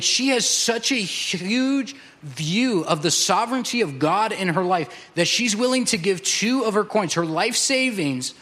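A male pastor preaching a passionate sermon, slowing down to drive points home. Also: high voice, bright, forceful tone. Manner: passionate, slows down for emphasis.

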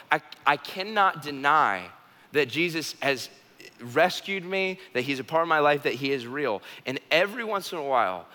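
A young male pastor delivers a sermon with earnest, emphatic storytelling. His voice sits a little high and rings bright and forceful. It echoes through a large, reverberant hall.

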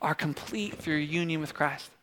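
A pastor putting on a thick American Southern accent, high and drawn out. Each phrase is read slowly, lingering on every vowel. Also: male voice, fairly bright tone, a little hiss or hum, close to an everyday voice. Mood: drawling. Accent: put-on American Southern. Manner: slow, drawn-out, raised delivery. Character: man reading scripture in a Southern drawl. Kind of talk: sermon.

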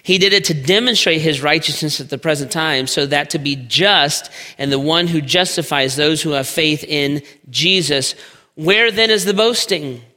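Bright-voiced preacher in a reverberant church. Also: male voice, fairly high pitch. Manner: emphatic, slows for weight on key words. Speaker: pastor. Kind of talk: sermon. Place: church sanctuary. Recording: long church hall reverb.

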